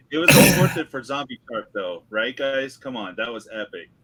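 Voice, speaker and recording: A young man hosting a casual live stream chat, animated and laughing often. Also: mid-range voice, noisy background. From California. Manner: animated, laughs often, drinks and toasts viewers. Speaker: host.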